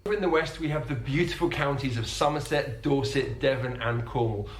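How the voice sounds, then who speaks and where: A man teaching in a measured, instructive narration. His voice has a middling pitch and echoes in a roomy space. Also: a little hiss or hum. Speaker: English teacher. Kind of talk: scripted explanatory narration.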